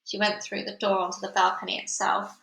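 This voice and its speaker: A woman's voice: mid-range voice, monotone, fairly quick, vocal fry, fairly bright tone. A woman reading a children's novel aloud, then signing off in a chatty way to her listeners. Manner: chatty, informal sign-off. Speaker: storybook reader. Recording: echoey room.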